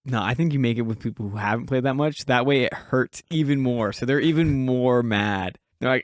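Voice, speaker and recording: A man's voice: mid-range voice, fairly quick, hardly any pauses, dry recording. A man playing in a tabletop game, chatting casually with a joking, crude, playful manner. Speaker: player. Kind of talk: casual chat.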